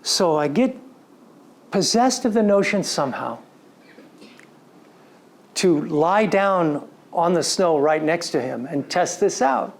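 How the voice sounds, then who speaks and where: A man giving a storytelling lecture to an audience, recounting a personal story in an animated way and slipping into quoted dialogue. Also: fairly high pitch, slow pace, long pauses. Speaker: story coach.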